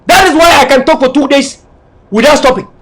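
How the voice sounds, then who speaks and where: Fiery middle-aged Cameroonian man, high bright voice, shouts his political speech. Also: brisk. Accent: Cameroonian English. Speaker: political leader.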